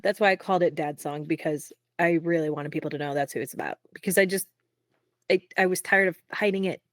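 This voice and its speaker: Candid low-voiced woman songwriter. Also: no room sound, studio quality. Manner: frequent "like" fillers, quick laughs. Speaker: singer-songwriter guest. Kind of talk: candid casual interview.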